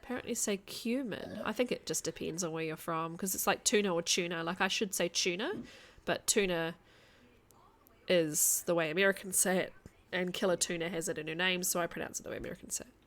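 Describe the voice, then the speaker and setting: A woman streaming a video game, chatting casually with her viewers and thinking out loud as she plays. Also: on the low side, steady tone, quick pace. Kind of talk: casual chat while playing a game.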